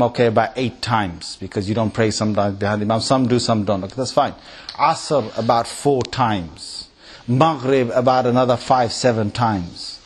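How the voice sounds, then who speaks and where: A man giving a lively lecture to an audience in a mosque, chanting Arabic recitation and mimicking tunes with big pitch jumps. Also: husky. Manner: recites Quran in Arabic in varied melodies. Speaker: Islamic preacher.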